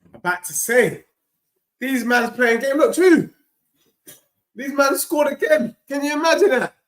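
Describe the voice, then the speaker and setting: Excitable high-voiced football fan. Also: male voice, measured pace, reverberant. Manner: animated banter, shouting at goals, teasing chat. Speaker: watchalong host. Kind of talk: live football watchalong reacting to chat.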